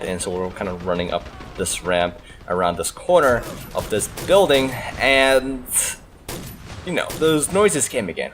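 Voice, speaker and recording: A man, a gaming channel host, telling a story in a chatty, animated way, full of "like" and "uh". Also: on the low side, slight background noise. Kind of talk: casual storytelling over gameplay. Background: faint background music.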